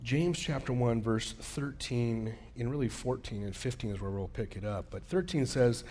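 A man's voice: medium pitch, animated, normal speed, darkish tone, husky. A male pastor giving a sermon in a casual, storytelling way, acting out the quoted dialogue of his anecdotes.

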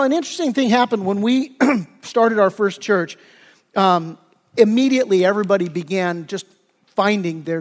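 A man with a high voice preaches a conversational sermon. He is animated, voices imagined listeners, and often restarts his sentences. His words ring out with the long reverb of a church hall. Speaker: pastor.

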